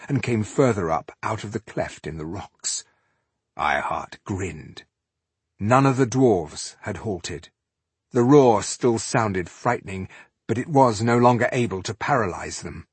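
A man narrating a fantasy novel as an audiobook in a steady, measured storytelling manner. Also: fairly low pitch, husky, no echo.

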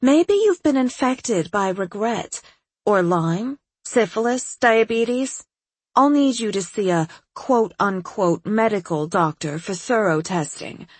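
A woman voicing an eccentric, irresponsible female psychiatrist who makes breezy, pompous pronouncements in a husky voice. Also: medium pitch, lively intonation, slow, no room sound, voice pushed up.

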